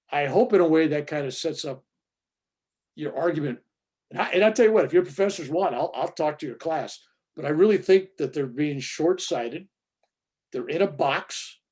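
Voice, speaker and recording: A male reverend answering a student's question in an informal spiritual talk, animated and acting out the voices he quotes. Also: mid-range voice, creaky, breathy edge.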